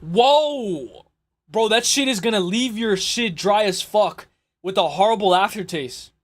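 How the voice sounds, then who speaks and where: A man hosting a casual livestream, rambling and joking with profanity, congested and clearing his throat. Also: sits high, moderate pace. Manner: rambling, profane, jokey, reads chat aloud. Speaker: livestream host.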